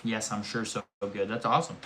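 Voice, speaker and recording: A young man streaming live, telling a rambling, animated story in casual chat and swearing often. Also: lowish voice, fairly quick, a little hiss or hum.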